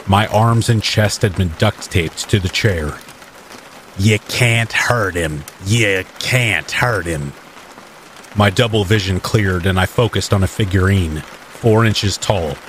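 A man narrating a horror story in the first person, in a measured and dramatic manner. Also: deep voice, a little hiss or hum. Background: rain.

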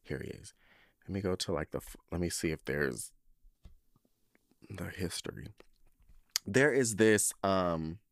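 A man hosting a podcast, telling a story in a campy, profane, animated way. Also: sits low, normal speed, dry recording, studio quality. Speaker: podcast host. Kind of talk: casual chat.

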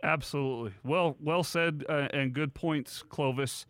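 A chatty man hosts a sports talk radio show, laughing easily between calls. His voice sits a bit high and sounds dry and close. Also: fairly even intonation, unhurried, a bit bright, dry recording. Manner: chatty, laughs often, reads phone number.

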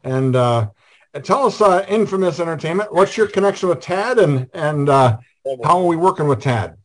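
A man hosting a casual group call, rambling and halting with many fillers. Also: fairly high pitch, lively intonation. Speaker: host.

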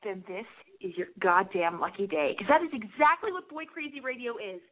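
A woman's voice: medium pitch, a little fast, slight background noise. A woman hosting a call-in advice show, talking in a brash, profane, rambling way with a noticeable lisp. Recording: tinny phone-like sound.

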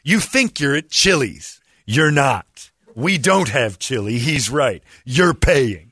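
A man's voice: medium pitch, lively intonation, slow pace, bright, forceful tone, breathy edge, pitched above the performer's own voice, heavily acted. A man voicing his sardonic, menacing old restaurant boss with a drawling delivery in a radio story. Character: gruff sardonic older male restaurant boss.

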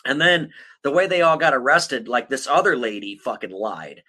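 A man's voice: medium pitch, expressive, fairly quick, sharp tone. A man hosting a podcast, telling a true-crime story in a casual, blunt way, swearing constantly and laughing often. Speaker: podcast host.

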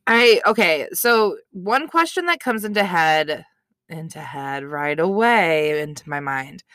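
A woman's voice: low voice, lively intonation, a little slow, fairly bright tone, no echo, clean studio sound. A woman co-hosting a podcast, giggly and blunt, swearing freely in casual chat about a reality show. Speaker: podcast co-host.

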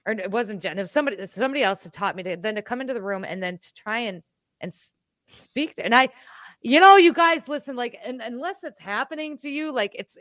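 A woman chatting casually as a co-host at home, telling a personal story in an animated, rambling way with restarts and the odd swear word. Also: fairly high pitch, no room sound. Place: room in her home.

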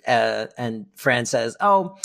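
A man's voice: on the high side, animated, moderate pace, a bit bright, no echo. A man co-hosting a podcast, talking casually, joking around and laying on heavy emphasis. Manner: emphatic, jokey, swings into big exaggerated emphasis. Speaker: podcast co-host. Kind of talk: casual chat recapping a sitcom episode.

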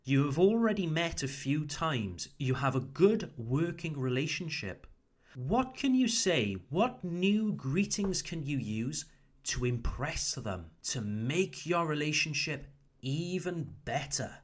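A man teaching English in a podcast lesson, encouraging the listener and slowly modelling phrases for them to repeat. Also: a little high, big pitch swings. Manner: encouraging, coaxing.

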